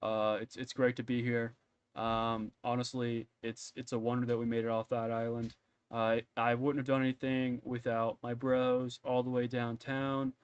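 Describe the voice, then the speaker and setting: Man playing a cocky young jock hero, bro talk, mid pitch, dry. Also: little pitch movement, normal speed, clean tone, dry recording, lo-fi sound, lightly acted. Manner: bro-ish, dismissive. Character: boastful young male jock adventurer.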